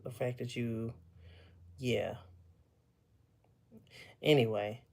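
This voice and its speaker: A man's voice: medium pitch, steady tone, drawn-out words, gravelly, a little mellow. A young man, out of breath after a run, chatting casually on a livestream in a tired, rambling way.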